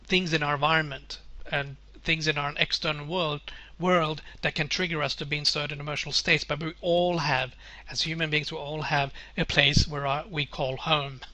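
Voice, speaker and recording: A man's voice: a little high, pushed and bright, no echo. A man presenting a webinar with slides, explaining earnestly and often circling back to restate his points.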